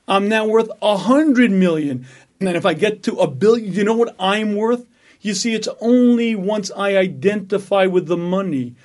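A rabbi giving a Torah lecture, emphatic and full of rhetorical questions. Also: male voice, high-pitched, a little mellow.

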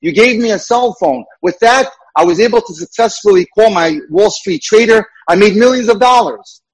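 A man's voice: high-pitched, lively intonation, moderate pace, husky, voice pushed up, rough recording. A man voicing a boastful man bragging about his success after prison.

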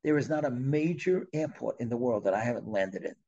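Guy telling it as an old-hand airline pilot with a southern accent, gone all serious, gravelly husky voice. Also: medium pitch, lively intonation, a little fast, mellow, lo-fi sound, pitched below the performer's own voice. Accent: American Southern. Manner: grave, earnest.

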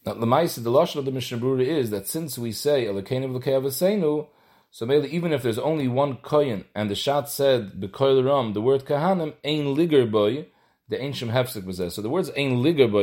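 A man's voice: mid-range voice, a little mellow. A man giving a halachic lesson, explaining step by step. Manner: explanatory, mixes Hebrew and Yiddish terms into English. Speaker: Torah teacher.

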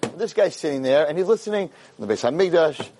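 A man telling a story in a lecture, animated and acting out the characters' voices. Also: fairly high pitch, fast talker, a little hiss or hum.

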